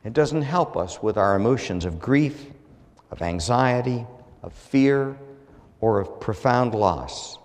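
A man preaching a sermon as pastor, measured and earnest, his phrases falling at the ends. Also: mid-range voice, animated, long reverb tail.

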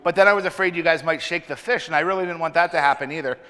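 The reverberant church hall carries a man's rapid-fire voice as he delivers a children's sermon in the sanctuary, playfully firing many questions at the children. He is a children's minister whose voice is on the high side, bright and forceful.

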